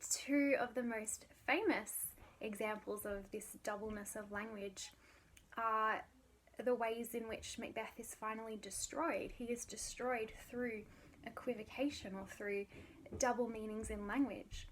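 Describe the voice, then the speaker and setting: A woman's voice: fairly high pitch, steady tone, a little slow, a little hiss or hum. A young adult woman giving a casual literature lesson, chatty with many fillers and dropping into whispers at times. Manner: chatty, lots of "like", drops into whispers. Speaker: literature teacher.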